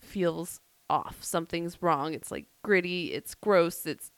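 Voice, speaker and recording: In casual storytelling on a podcast, a female co-host tells a wild tale with laughter, jokes, and quoted voices. Her voice is on the low side and she speaks slowly. The recording is dry.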